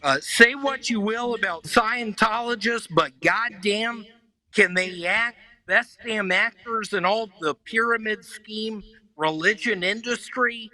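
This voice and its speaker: A man doing a stand-up set, delivering deadpan one-liners with hesitant fillers between jokes. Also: high voice, takes it slowly, low-quality recording. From Memphis, Tennessee. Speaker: stand-up comedian.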